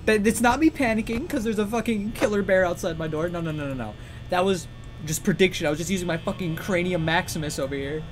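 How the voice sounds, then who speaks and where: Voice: medium pitch, quick pace. A streamer playing a horror game live, panicking, swearing, giggling nervously and greeting chat between scares. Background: game music and sounds.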